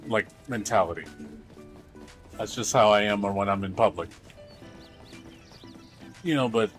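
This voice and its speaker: A man streaming live, chatting casually and rambling bluntly about how he handles people, with plenty of swearing. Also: fairly low pitch. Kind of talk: casual livestream chat.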